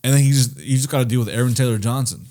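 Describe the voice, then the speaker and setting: A man co-hosting a casual podcast, talking in a laid-back, slangy way. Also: rapid-fire. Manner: laid-back, slangy, often drops low and quiet. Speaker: podcast co-host. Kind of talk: casual chat.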